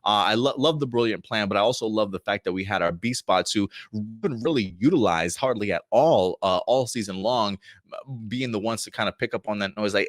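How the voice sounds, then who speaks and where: Male host, low-ish voice, casual and excited, loose rambling delivery, dry recording. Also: fairly quick, dry recording. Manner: enthusiastic, rambling, with many restarts. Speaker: show host reviewing TV episodes. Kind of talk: casual review talk.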